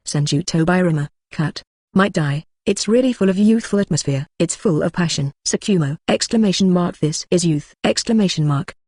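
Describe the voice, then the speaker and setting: A text-to-speech audiobook narrator reading a web novel, speaking punctuation marks like "exclamation mark" aloud in an even delivery. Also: mid-range voice, normal speed, no echo.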